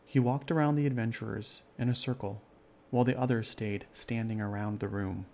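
A man narrating a children's fairy-tale story in a calm, measured way. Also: fairly low pitch, vocal fry, a little hiss or hum.

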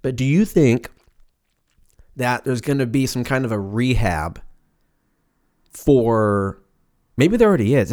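A man's voice: mid-range voice, expressive, slow, pauses often, a little mellow. Rambling American man with a slight lisp. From United States. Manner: profane, joking, stumbles over words. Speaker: podcast host. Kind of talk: casual rambling chat.

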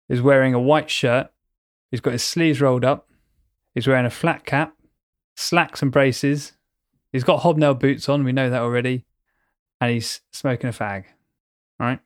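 A man's voice: medium pitch, no room sound, studio quality. Playful, rambling man in casual chat. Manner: playful, rambling, vivid storytelling. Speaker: podcast co-host.

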